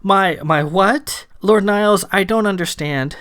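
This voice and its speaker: A man's voice: sits high, measured pace, fairly bright tone, smooth, dry recording, studio quality, voice pushed up. A man reading aloud, voicing an earnest young noblewoman who is anxious and increasingly flustered, with a raised, pleading voice. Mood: distressed.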